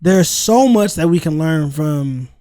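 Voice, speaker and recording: Man podcast co-host, higher register, dry booth sound, animated slangy storyteller. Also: measured pace, dry recording. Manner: storytelling, animated, slangy, lots of "like" and "you know". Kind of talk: casual podcast chat.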